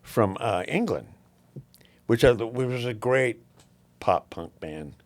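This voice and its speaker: Older male guest, rambling storyteller, mid-pitched, swears, clears throat. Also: lively intonation, slow pace. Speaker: podcast guest. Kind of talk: casual storytelling interview.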